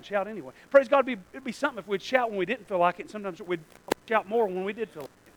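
A man preaching a sermon to a church congregation, swinging from low asides to shouted, drawn-out peaks. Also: lively intonation, noisy background.

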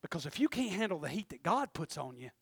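A male preacher, giving an animated sermon, often shouting and acting out his own prayers. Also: a little high, fast talker, vocal fry, husky, no echo, clean studio sound.

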